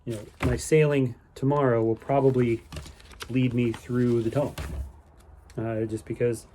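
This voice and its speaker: A man's voice: medium pitch, level tone, a little slow, dark tone, a little hiss or hum. A man giving a casual, rambling spoken recap of his day, easygoing and upbeat, with lots of fillers and restarts. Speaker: vlogger on a canal boating holiday.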